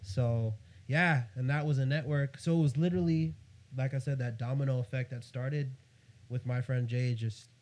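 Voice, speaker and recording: A man's voice: mid-range voice, moderate pace. A young man from New York telling a story on a podcast, acting out the other person's lines in a raised voice. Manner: animated, quotes others in a raised voice. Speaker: guest photographer. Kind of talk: casual storytelling.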